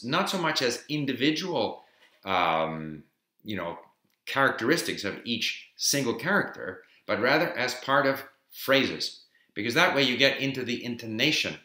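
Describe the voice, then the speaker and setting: A man's voice: medium pitch, sharp tone. A man giving an informal explanatory talk on learning a language, emphatic and dotted with fillers, sharing his own learning tips. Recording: roomy echo.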